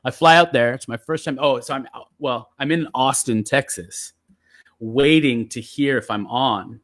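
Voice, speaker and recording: A man telling stories in relaxed, casual chat as a guest poet, with lots of fillers. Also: medium pitch, a little slow, no echo, studio quality. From San Jose area. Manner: relaxed, chatty storyteller with many fillers.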